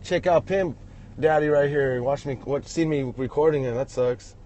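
A man's voice: on the high side, moderate pace, dark tone. A man filming himself from inside a truck as he drives, rambling and joking in a crude, self-amused way. He restarts his sentences often. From Los Angeles area. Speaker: vlogger filming while driving. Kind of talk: rambling self-filmed commentary.

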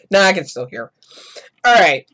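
Slow-talking young-sounding guy rambling to camera. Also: sits high, big pitch swings, slightly rough. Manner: rambling, restarts sentences, yells "no" and "ah" at loud sounds. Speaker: gaming YouTuber. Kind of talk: casual reaction commentary.

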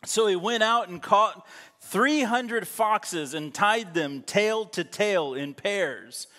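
Joking pastor in a reverberant church. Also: male voice, sits high, slow pace, bright, forceful tone. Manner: joking, laughing asides while reading scripture. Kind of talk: sermon. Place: church sanctuary. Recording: long hall reverb.

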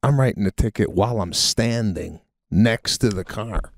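A man's voice: on the low side, normal speed, creaky, no echo, clean studio sound. A man co-hosting a podcast who cuts in with incredulous comic riffs during casual banter. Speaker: podcast co-host.

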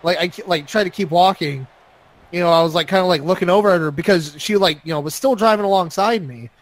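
High-voiced young man telling a story. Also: quick pace, dry recording. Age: young adult. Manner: rambling storytelling with many fillers. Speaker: podcast co-host. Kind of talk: casual chat.

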